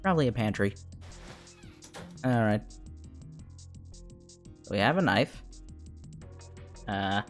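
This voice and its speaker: A man's voice: lowish voice, lively intonation, takes it slowly, long pauses, soft background music. A man streaming a game live, chatting casually and reading the on-screen text aloud with frequent laughs.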